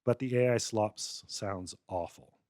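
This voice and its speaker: A man's voice: fairly low pitch, measured pace, a little mellow, dry recording, clean studio sound. A male lecturer giving a public talk, narrating a wry, satirical scenario. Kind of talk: public lecture, storytelling argument.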